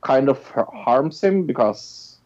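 This co-host's medium-pitched, darkish voice is expressive and slow as he chats casually on a podcast. Hesitation marks his speech, with fillers, restarts and repeated words, all on a dull lo-fi recording.

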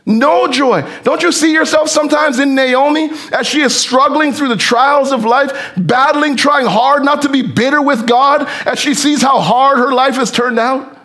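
High-voiced fervent male preacher. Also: normal speed. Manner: fervent, rhetorical questions, swings from hushed to shouting. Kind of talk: sermon.

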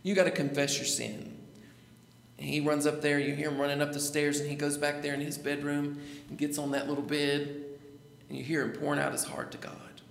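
Gravelly high-voiced preacher. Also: male voice, completely flat delivery, brisk. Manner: preaching with call-and-response, repeating phrases. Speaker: pastor. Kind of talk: sermon. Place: church sanctuary. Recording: echoey church hall.

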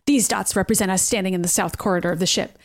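A woman's voice: medium pitch, steady tone, fast, lightly acted. A woman reading the part of a vain, scheming male supervillain scientist in a sly, smug, theatrical manner.

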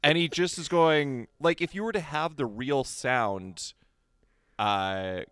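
A man co-hosting a casual podcast, animated and wry, often laughing through his asides. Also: medium pitch, takes it slowly, smooth, dry recording, clean studio sound. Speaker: podcast co-host. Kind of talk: casual chat.

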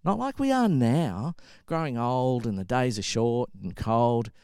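Smooth-voiced male pastor preaching. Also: medium pitch, unhurried, no room sound, clean studio sound. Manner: conversational, animated storytelling with acted-out quotes. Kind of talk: sermon.

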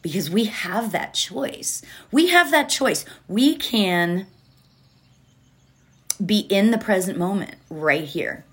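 A woman giving a gentle, reflective motivational talk from home, repeating key phrases and asking rhetorical questions. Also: fairly low pitch. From United States. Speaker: mindfulness speaker.

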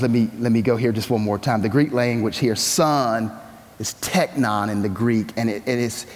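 A pastor preaching a sermon, with animated, emphatic delivery that climbs high and loud to stress his points. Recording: long hall reverb.

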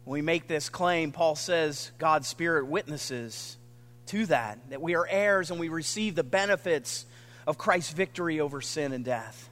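A man preaching a sermon with earnest, dramatic pauses, sometimes dropping almost to a whisper. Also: a little high, a bit bright, big-room sound. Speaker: pastor.

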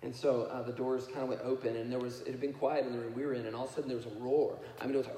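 Animated man preaching in an echoey hall. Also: on the high side, racing, hardly any pauses, distant mic. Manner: storytelling with laughs and sudden loud bursts. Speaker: pastor. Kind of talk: sermon. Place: church sanctuary. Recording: echoey hall, picked up from afar.

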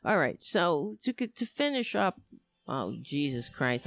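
A woman's voice: deep voice, sing-song, takes it slowly, faint music behind. A woman hosting a political livestream from a cheap home microphone, ranting bluntly and swearing as she talks to her chat. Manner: blunt, profane, exasperated. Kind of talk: casual ranting commentary to a live chat. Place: home setup. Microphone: cheap home microphone with headphones.

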